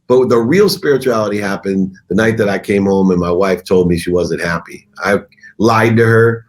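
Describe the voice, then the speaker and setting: Emphatic low-voiced middle-aged man. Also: normal speed. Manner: emphatic, animated storytelling. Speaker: guest. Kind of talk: storytelling in conversation.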